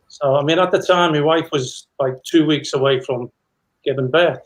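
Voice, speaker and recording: A man's voice: fairly high pitch, moderate pace, low-quality recording. A middle-aged man, a former footballer, telling anecdotes in a rambling casual chat with many restarts.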